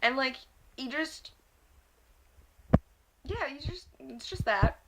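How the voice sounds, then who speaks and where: A young woman vents in a loose, swearing vlog rant, her voice sitting a little high for a woman. She rambles and circles back, peppering almost every phrase with "like". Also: expressive, slow, background noise. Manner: rambling and profane, constant filler "like". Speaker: vlogger. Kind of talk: casual ranting vlog monologue.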